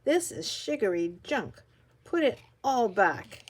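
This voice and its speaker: A fed-up storybook father who scolds with a raised, exasperated voice, as a grandmother puts him on. He lectures firmly, his pitch swinging up as he insists. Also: very animated, takes it slowly, full character voice. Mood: scolding. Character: exasperated father, strict but soft-hearted.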